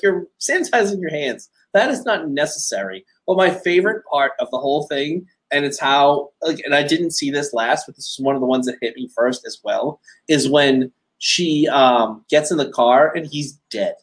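A man's voice: a little high, moderate pace, few pauses. A man co-hosting a podcast in casual chat, talking enthusiastically, swearing freely and laughing as he goes. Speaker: podcast co-host.

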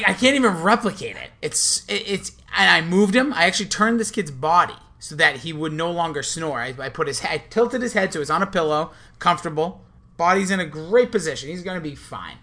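A man's voice: a little high, lively intonation, brisk, pushed and bright. A young man co-hosting a podcast, telling a rambling story with lots of restarts in casual chat. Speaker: podcast co-host. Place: hotel in a city.

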